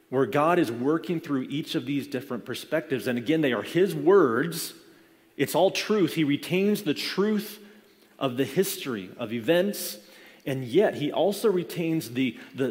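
A male pastor preaches a sermon, talking it through in a relaxed, conversational manner and often circling back to restart a phrase. His voice sits at an ordinary middle pitch. A long reverb trails behind every word, as in a big hall. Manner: conversational, explaining with frequent restarts.

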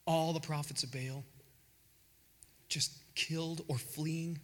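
Slow husky preacher guy, bright tone, repeats lines, gets loud then whispers, big echoey hall. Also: on the high side, steady tone. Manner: emphatic repetition, swells loud then drops to a whisper. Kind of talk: sermon.

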